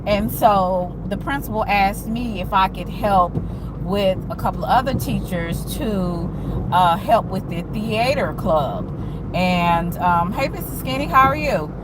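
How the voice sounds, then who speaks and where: A woman teacher telling a story to viewers in a blunt, animated way, with slang and cursing. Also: mid-range voice, slow, noisy background. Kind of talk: casual storytelling rant to viewers.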